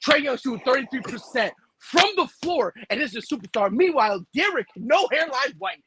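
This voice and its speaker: A man's voice: extremely high pitch, big pitch swings, brisk, few pauses, bright, forceful tone, a little hiss or hum. A man co-hosting a sports talk show, bragging about his team with brash trash talk and heavy slang. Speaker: sports talk co-host, basketball fan. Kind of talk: casual sports banter.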